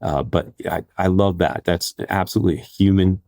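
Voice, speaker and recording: A man hosting an interview podcast, speaking in a halting, soft-spoken way with repeated words. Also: low-pitched, gravelly, no room sound, clean studio sound. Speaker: podcast host. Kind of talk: casual interview.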